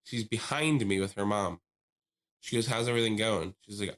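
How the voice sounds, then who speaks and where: Animated man telling a story on a podcast. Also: on the low side, moderate pace. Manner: animated storyteller, laughs while telling, mimics people he quotes. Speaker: podcast co-host. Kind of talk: casual storytelling chat.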